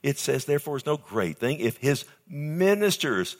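A man preaching a sermon as pastor, with emphatic delivery that swings from hushed to loud and keeps asking the audience questions. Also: fairly high pitch, big pitch swings, normal speed.

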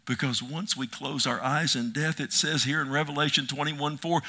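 A middle-aged male preacher delivering an impassioned sermon, swinging from loud cries to hushed near-whispers. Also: a little high, fairly even intonation, normal speed, gravelly, hardly any pauses.

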